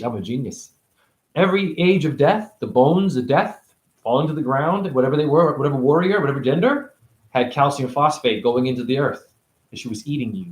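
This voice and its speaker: A man giving a rambling spiritual monologue, free-associating and preachy, jumping between high exclamations and low mutters. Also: reverberant. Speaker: spiritual teacher.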